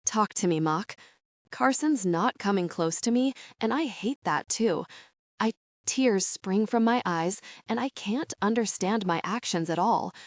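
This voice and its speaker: A woman's voice: mid-range voice, unhurried, no echo, studio quality. Woman reading an intimate romance audiobook. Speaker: audiobook narrator. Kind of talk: first-person romance audiobook narration.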